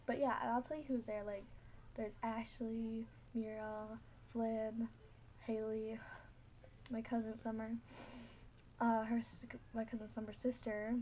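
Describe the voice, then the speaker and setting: A woman's voice: on the high side, level tone, a little slow, dark tone, slight background noise. A teenage girl telling a story casually, rambling with many fillers and frequent giggles.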